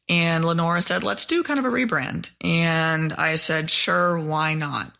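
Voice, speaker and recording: Chatty woman podcast host, gravelly voice. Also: sits low, pushed and bright. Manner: candid, chatty, self-deprecating. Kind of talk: unscripted solo podcast monologue.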